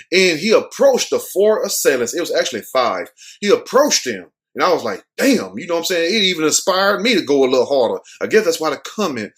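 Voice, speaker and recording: Animated profane man hosting news commentary. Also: fairly high pitch. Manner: animated, joking, cursing, street slang. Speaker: show host.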